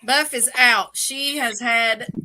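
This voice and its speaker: A woman's voice: a little high, steady tone, slow pace, pushed and bright, slight background noise. A woman co-hosting a live stream, brash, teasing and swearing freely. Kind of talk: casual live-stream chat.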